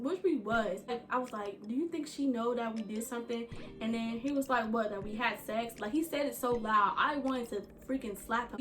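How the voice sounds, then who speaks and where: Young woman chatting storytime style, kinda high voice, faint music behind. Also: a bit bright. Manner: chatty, addresses viewers as y'all and you guys. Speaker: vlogger. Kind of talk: casual storytime.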